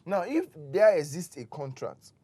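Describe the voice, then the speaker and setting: A man's voice: a little high, sing-song, normal speed, warm tone, breathy edge. A man, a real estate expert on a talk show, patiently explaining step by step with examples.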